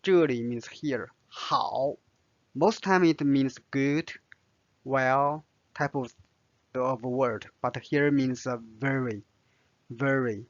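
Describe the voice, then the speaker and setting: Chinese-native man teaching a lesson, very slow and patient, dry dull sound. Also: medium pitch, dry recording. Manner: slow, careful explanations with many fillers. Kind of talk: language lesson.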